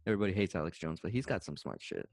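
A man's voice: sits low, wildly swooping pitch, rapid-fire, creaky, a little mellow, no echo, clean studio sound. A man co-hosting a podcast in casual chat, laid-back, swearing freely and trailing off with laughs. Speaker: podcast co-host.

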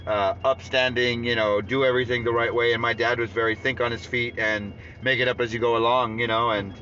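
A man's voice: medium pitch, little pitch movement, fairly quick, sharp tone, highs cut off. A man hosting a podcast, chatting casually and rambling, swearing freely. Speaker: podcast host.

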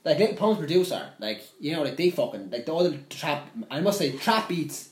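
A man's voice: a little high, big pitch swings, a little fast. A young man, co-hosting a casual podcast chat, rambling with lots of swearing and restarts. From Ireland. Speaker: podcast co-host. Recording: echoey room.

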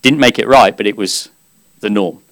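A man preaching a sermon at a church service, earnest and conversational, with gentle humor. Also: on the low side, moderate pace.

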